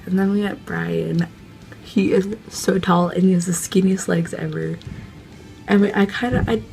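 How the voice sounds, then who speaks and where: A young woman vlogger excitedly telling a casual story, gushing and full of fillers. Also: fairly low pitch, creaky.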